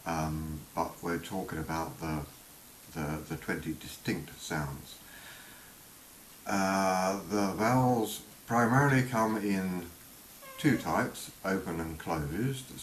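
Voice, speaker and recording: A man giving an unscripted spoken lesson on vowel sounds, halting with many fillers and voicing each sound slowly. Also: low-pitched. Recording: roomy with faint hiss.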